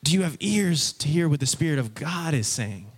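Animated preacher man with a higher voice. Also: moderate pace, breathy edge. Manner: animated, conversational, acts out listeners' reactions. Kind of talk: casual, lively sermon. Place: stage before a live audience.

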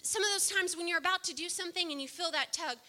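High bright impassioned woman preacher. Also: quick pace. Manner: impassioned, swings from soft to loud. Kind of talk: sermon.

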